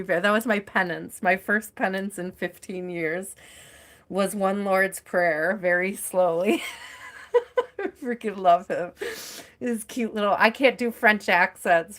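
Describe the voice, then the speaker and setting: Slow, bright-voiced woman chatting on a live stream. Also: mid-range voice. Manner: chatty and effusive, laughs often, many fillers. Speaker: tarot reader, live stream host. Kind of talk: casual live-stream chat.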